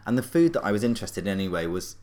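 Deep-voiced man telling a story. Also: rapid-fire. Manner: rambling, animated, full of fillers and self-corrections. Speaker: guest. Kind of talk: casual storytelling.

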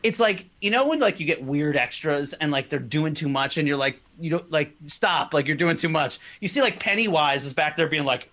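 A man chatting casually on a podcast, rambling and animated, laughing often as he talks. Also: fairly high pitch, a little fast, few pauses. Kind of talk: casual chat.

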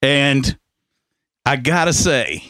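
A man telling a long story in casual chat, animated, laughing often and swearing, with many restarts. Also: medium pitch, very slow, no echo, studio quality. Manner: animated, laughing, profane, repeats himself. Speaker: podcast host telling a story.

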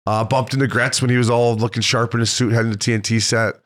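A male podcast co-host telling animated stories in casual chat, swearing and acting out quotes. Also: mid-range voice, fast talker.

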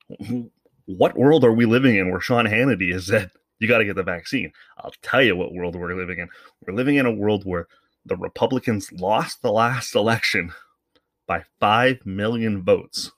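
A man's voice: on the low side, a bit bright, no echo, clean studio sound. A man hosting a podcast, giving casual, rambling commentary in a sarcastic, profane way. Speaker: podcast host.

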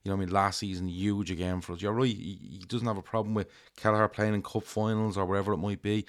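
A man's voice: lowish voice, flat delivery, fast talker. A man co-hosting a casual football podcast, talking emphatically with some swearing. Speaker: podcast co-host.

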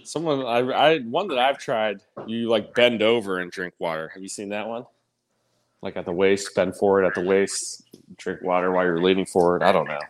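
A man's voice: deep voice, normal speed, a little hiss or hum. A man co-hosting a casual podcast, laid-back and full of "like" and "kinda". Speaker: podcast co-host.

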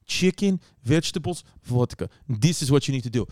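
A man's voice: mid-range voice, expressive, darkish tone, no echo, studio quality, pitched below the performer's own voice, lightly acted. A man imitating a blunt, boastful male mover who speaks broken English. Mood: insistent. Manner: blunt, broken English, slow heavy delivery.

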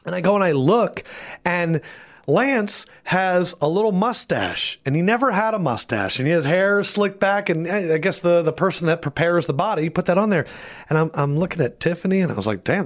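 Podcast co-host, male, lively storyteller with a slightly high voice who voices the characters in his story. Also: normal speed. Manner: animated, acts out voices in anecdotes. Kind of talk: casual storytelling.

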